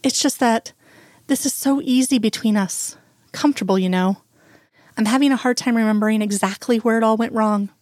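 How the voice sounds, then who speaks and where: A woman's voice: a little high, brisk, no echo, lightly acted. Brief: woman narrator doing a wry, hopeful guy in his thirties, self-deprecating, dry close sound. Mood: wistful. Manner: self-deprecating, gently joking.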